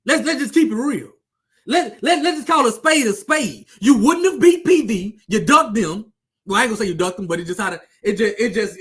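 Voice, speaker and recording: A man delivering a heated, profane sports rant to his viewers, taunting and repeating himself for emphasis. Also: very high-pitched. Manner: fiery, repetitive, profane, taunting. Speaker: sports commentator with his own channel.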